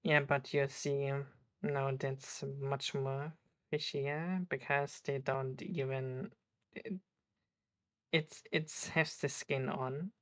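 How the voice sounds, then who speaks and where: Brief: deep, slow woman streamer, halting, dry close sound. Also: steady tone, dry recording. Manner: halting, searching for words, with restarts. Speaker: streamer reacting to a video. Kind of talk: casual reaction commentary.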